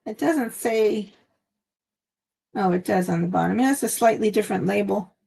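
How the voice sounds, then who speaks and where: A woman with a gravelly, creaky voice at an everyday middle pitch chats while she paints at home. She rambles from one thought to the next, trailing off with "um" and "like". It sounds like a phone recording at her craft table. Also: normal speed, warm tone. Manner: chatty, meandering, trails off with fillers. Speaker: craft channel host. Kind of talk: casual live-stream chat while crafting.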